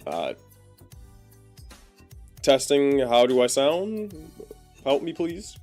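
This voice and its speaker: A man's voice: medium pitch, big pitch swings, takes it slowly, long pauses, a little mellow, faint music behind. A man live-streaming who keeps testing his microphone and talking to his chat, sounding frustrated. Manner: frustrated, testing his mic with repeated phrases.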